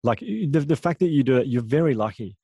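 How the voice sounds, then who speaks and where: A man, a guest author, telling lively stories full of quoted dialogue in a casual interview. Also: mid-range voice, gravelly, breathy edge, dry recording, clean studio sound. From Australia. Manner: animated storyteller, quick asides and quoted dialogue.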